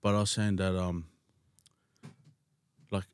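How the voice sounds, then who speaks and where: Young podcast host; low, laid-back, sweary, dry. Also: male voice, level tone, takes it slowly, smooth, no echo. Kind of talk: casual chat.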